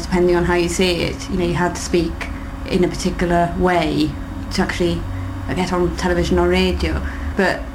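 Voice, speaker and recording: A woman lecturer in communication explaining in a measured way in an interview. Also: lowish voice. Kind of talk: expert interview. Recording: noisy background.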